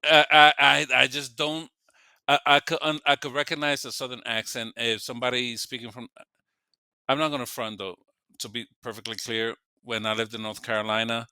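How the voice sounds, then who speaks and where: A man's voice: medium pitch, flat delivery, normal speed, bright, forceful tone, clean tone, no echo. A man from New York with a New York accent, co-hosting a casual podcast, hesitant and blunt with many restarts. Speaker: podcast co-host.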